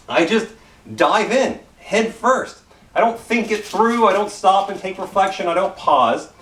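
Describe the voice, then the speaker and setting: Canadian pastor, lively storytelling, roomy church. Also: male voice, a little high, recorded from a distance. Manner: self-deprecating, storytelling, repeats phrases. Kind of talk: casual sermon with personal stories. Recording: roomy church sound from off-mic.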